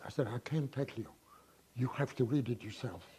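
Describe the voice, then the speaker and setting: A man in his nineties being interviewed, recalling his past in a halting way with repeated words. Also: mid-range voice, warm tone, a little hiss or hum. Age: 90s. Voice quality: very husky voice. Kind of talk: oral history interview.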